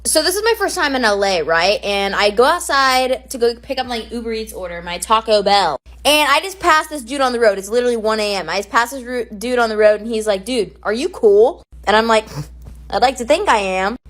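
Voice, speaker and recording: A young woman talks straight into her phone camera and tells stories in a chatty, animated way, full of "like". Her voice sits high and sounds bright. Faint music plays underneath. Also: brisk, dry recording. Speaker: TikTok creator. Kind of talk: casual storytime monologue.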